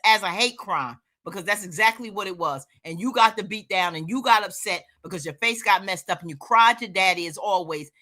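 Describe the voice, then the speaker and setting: A woman's voice: mid-range voice, bright, forceful tone. A woman reacting to a skit, talking back at the screen in a sassy, emphatic way. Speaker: reaction commentator. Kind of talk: commentary on a skit.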